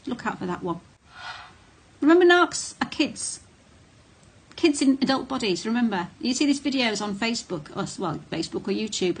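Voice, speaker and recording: Woman, middle-aged, mid-pitched, candid talk to camera, faint background hiss. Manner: blunt and candid, with many ums and restarts. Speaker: vlogger on narcissistic abuse.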